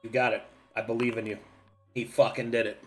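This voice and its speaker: A man's voice: mid-range voice, little pitch movement, a little fast, a bit bright, soft background music. A man acting as game master, playfully guiding a player through a level-up in a tabletop game. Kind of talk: running a tabletop game session.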